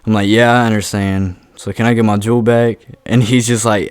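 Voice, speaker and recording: A man's voice: fairly low pitch, steady tone, moderate pace, darkish tone, clear, resonant tone, dry recording. A young man telling a casual storytime monologue in a laid-back way, full of fillers and swearing, often asking "right?".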